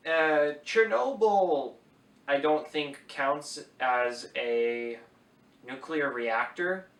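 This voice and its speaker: A man's voice: mid-range voice, a bit bright. A man giving a casual book review, chatty and opinionated, with wry asides. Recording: echoey room, voice a bit distant from the mic.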